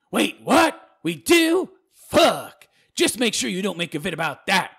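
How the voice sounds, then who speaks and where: A man's voice: a little high, animated, normal speed, gravelly, fairly bright tone. A man reading out viewer comments and answering them in a sarcastic, mocking rant. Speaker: YouTube commentator.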